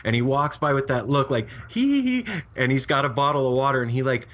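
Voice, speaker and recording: A middle-aged man, a podcast guest, telling a story in an animated casual way, with stammering restarts as he sets up scenes. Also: mid-range voice, fast talker.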